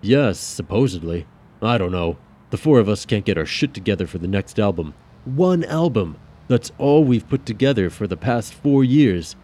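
A man's voice: lowish voice, animated, moderate pace, dark tone, voice pushed up. A man voicing a stressed young drummer who rants irritably about his band. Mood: grumbling. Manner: irritable, ranting.

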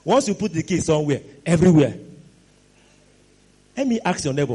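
A man preaching a sermon, animated and exclamatory, sometimes rising to shouts. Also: on the high side, fairly quick, slightly rough.

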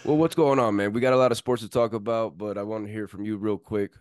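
Deep-voiced laid-back male podcast host. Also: steady tone, fast talker, a little mellow, no room sound, clean studio sound. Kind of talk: casual sports podcast chat.

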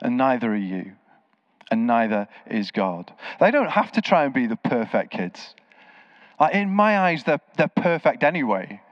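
This man delivers a sermon as an animated storyteller, performing the voices of the characters he quotes. His pitch is mid-range and his pace moderate. There's no room sound, and the audio comes across dry and a bit dull.

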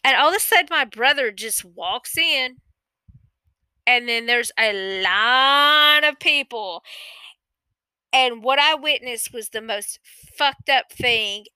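Bright, rambling woman telling a story. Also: on the high side, takes it slowly, clean tone, dry recording, low-quality recording. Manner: rambling, self-correcting, candid with swearing. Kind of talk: casual personal storytelling.

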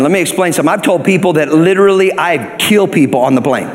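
A man's voice: fairly high pitch, fast talker. Storytelling male minister in reverberant church. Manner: humorous storytelling, building to emphatic preaching. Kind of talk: sermon.

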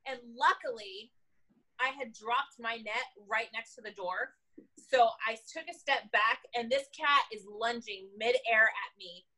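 Bright high-voiced woman telling a story. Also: a little slow. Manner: animated, laughs often, acts out dialogue. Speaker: police officer. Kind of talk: casual storytelling.

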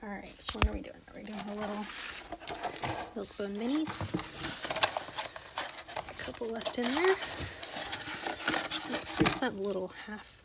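A woman talking softly to her dog in a coaxing, praising way, first outdoors in the rain and then heading indoors. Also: mid-range voice, unhurried, vocal fry, long pauses, heavy background noise. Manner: soft, coaxing pet talk with frequent praise. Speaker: podcast host. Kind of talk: casual talk to her dog.

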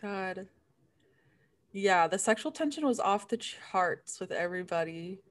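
A woman's voice: mid-range voice, expressive, measured pace. A young woman co-hosting a podcast, speaking frankly and hesitantly in casual chat. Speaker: podcast co-host.

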